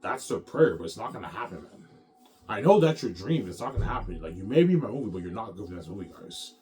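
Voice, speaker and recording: Brash male host, lowish voice, rambling boastful monologue. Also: very animated, quick pace, over music. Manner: brash, repetitive, ends phrases with "man". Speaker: show host.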